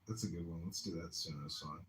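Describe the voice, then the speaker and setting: A man's voice: low-pitched, quick pace, reverberant, a little hiss or hum, low-quality recording. A man hosting a casual online chat room, greeting people effusively. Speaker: political candidate hosting an audio chat room.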